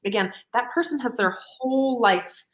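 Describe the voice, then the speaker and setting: A woman's voice: on the high side, moderate pace. A woman co-hosting a talk show, chatting animatedly with frequent laughter and acted-out quotes. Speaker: podcast co-host. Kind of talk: casual chat.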